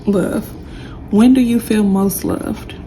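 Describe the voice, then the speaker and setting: A woman's voice: medium pitch, fairly even intonation, slow pace, a little hiss or hum, poor audio. A young woman giving a casual tarot reading, chatty and emotional, talking straight to her viewers. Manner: chatty, warm and emotional, says y'all a lot. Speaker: tarot reader.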